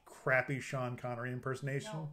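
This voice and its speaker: A man introducing his character at a tabletop game in an animated, joking, rambling way. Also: medium pitch, a little fast, heavy background noise. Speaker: player. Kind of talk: casual player introduction.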